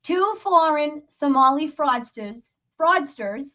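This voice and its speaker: High bright woman, Boston accent, profane heated host rant, dull lo-fi stream audio. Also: animated, slow. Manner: profane, heated, laughing rants. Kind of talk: livestream commentary.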